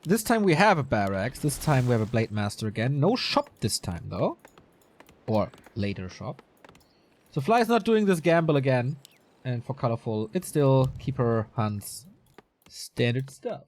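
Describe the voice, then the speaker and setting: A man's voice: medium pitch, big pitch swings, normal speed, a little mellow, slight background noise. A man co-casting a strategy game match, bantering and joking at his own expense. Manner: joking, self-mocking banter. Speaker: esports caster. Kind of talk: casual game commentary.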